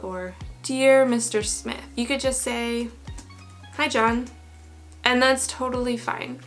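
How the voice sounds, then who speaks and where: A young woman teaching business English, explaining clearly and reading example emails aloud with patient care. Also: fairly high pitch, a bit bright. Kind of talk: online lesson explanation.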